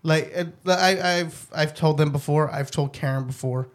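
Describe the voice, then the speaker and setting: Guy in his 30s, kinda high voice, cursing a lot, blunt, keeps restarting sentences. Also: normal speed. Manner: profane, blunt storytelling with frequent restarts. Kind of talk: casual chat.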